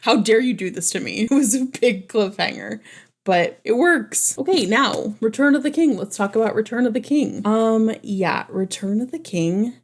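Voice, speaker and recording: A woman's voice: a little high, lively intonation, moderate pace. Gushing woman chatting to camera. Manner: gushing and enthusiastic, lots of "like" and "oh my gosh". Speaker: book vlogger. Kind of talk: casual chat to camera.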